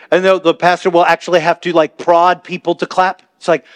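A man preaching a sermon as pastor, talking to the congregation in a chatty way and building to impassioned shouts. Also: high voice, level tone, fairly quick, hardly any pauses. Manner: impassioned, rising to shouts, conversational asides to the congregation. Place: church sanctuary.

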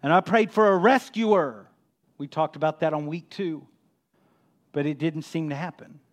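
Guy preaching, kinda high voice, goes quiet then loud and punchy. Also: moderate pace. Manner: swings from hushed to loud, emphatic. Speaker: pastor. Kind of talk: sermon.

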